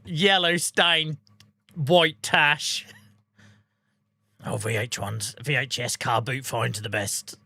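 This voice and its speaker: A man's voice: medium pitch, takes it slowly, gravelly, long pauses, pushed and bright, no room sound. A man chatting casually on a live game stream, bantering, laughing often and answering viewers' messages. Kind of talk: casual live-stream chat over gameplay.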